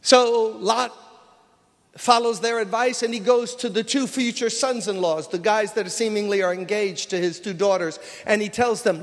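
A man with a high voice preaches in a casual storytelling manner, slipping into the voices of the people he describes. He is in a large church hall, and his voice rings with a long reverb. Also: normal speed, a bit bright. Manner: conversational storytelling, acts out dialogue. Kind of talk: sermon.

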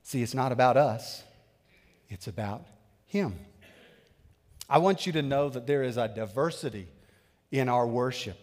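Animated preacher in a reverberant church. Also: male voice, medium pitch, a little slow, pauses often. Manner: animated preaching, swinging from loud to hushed. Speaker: pastor. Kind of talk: sermon. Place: church sanctuary.

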